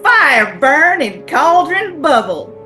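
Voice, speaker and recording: A woman's voice: high-pitched, very animated, takes it slowly, pushed and bright, faint music behind, exaggerated voice. A woman with a Southern US accent playing an old witch, chanting spell ingredients in a lilting rhythm for an amateur stage-play reading. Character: sing-song old witch listing foul ingredients.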